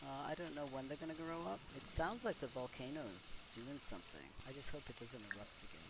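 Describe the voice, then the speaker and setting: A woman's voice: a bass voice, expressive, brisk, background noise. A woman casually commenting on a life-simulation game she is playing, chatting playfully and speaking her characters' thoughts aloud. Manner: chatty, voices the Sims' thoughts in playful asides. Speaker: Let's Play host.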